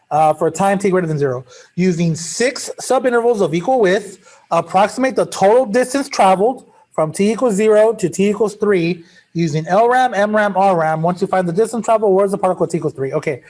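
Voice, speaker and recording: A man's voice: sits high, a little fast, darkish tone. A male math teacher giving a classroom lecture in a casual, joking way, drifting into chatty asides.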